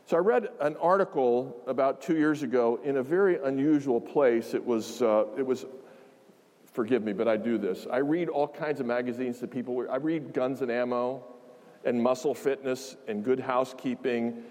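A man's voice: mid-range voice, normal speed, darkish tone, in a large hall. A man preaching a conversational, emphatic sermon, full of asides and repeated phrases.

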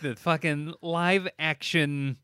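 A man co-hosting a casual podcast, chiming in with sarcastic, profane quips and animated rants. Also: a little high, slow pace, clean tone, no echo, clean studio sound. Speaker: podcast co-host. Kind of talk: casual chat.

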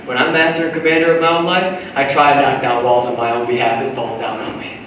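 A man preaching a sermon to a congregation, animated, swinging between shouted lines and hushed asides. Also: medium pitch, fast talker, background noise. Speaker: pastor. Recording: echoey hall, voice from far off.

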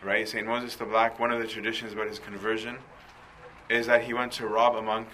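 A man delivers a sermon in a chatty, questioning way, often checking in with his listeners. His voice is low-pitched but bright and pressing. A faint ambient hum sits behind him. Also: flat delivery, brisk, rough recording. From Coptic Christian community. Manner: conversational, rhetorical questions, frequent "right?". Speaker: preacher.

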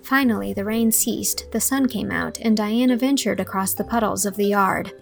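A woman narrating a classic storybook with a gentle, even reading manner. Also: mid-range voice, moderate pace, creaky, faint music behind. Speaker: audiobook reader.

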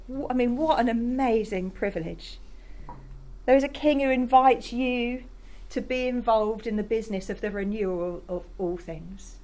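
A woman's voice: a little high, normal speed, mellow. A woman preaching a sermon in a conversational, enthusiastic way, speaking directly to her congregation. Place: church in Rotterdam.

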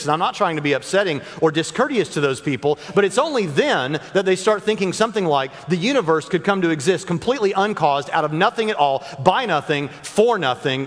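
A man speaks from a church stage to a live audience, his fairly high voice rising and falling with animated energy. He jokes and talks straight to the listeners. Long reverb from the big hall trails after his words. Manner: joking, chatty, speaks directly to the crowd.

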